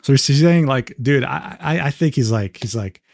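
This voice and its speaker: A man's voice: medium pitch, normal speed, gravelly, darkish tone, no room sound, clean studio sound. A man streaming and reading private messages aloud, talking casually, swearing freely and laughing often.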